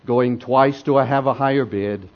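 A man preaching, voicing a brisk male auctioneer who calls out bids in a dull lo-fi recording. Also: mid-range voice, close to an everyday voice. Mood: calling bids. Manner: rhythmic, calling out.

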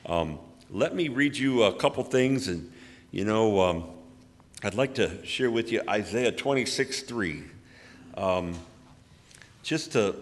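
A man giving church announcements and a sermon, chatty and folksy. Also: on the low side. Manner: folksy, chatty, tells anecdotes with acted quotes. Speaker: literature ministry speaker. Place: church hall. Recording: long hall reverb.

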